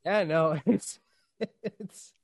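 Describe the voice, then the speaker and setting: A man hosting an interview podcast, chatty and excitable, laughing often and restarting his sentences. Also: fairly high pitch, extremely slow, no room sound, studio quality. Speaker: podcast host. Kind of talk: casual interview chat.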